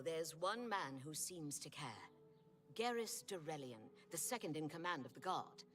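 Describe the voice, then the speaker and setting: Low, lively bitter townswoman. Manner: indignant, scornful complaining. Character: bitter townswoman angry at corrupt guards. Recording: game audio, slightly distant.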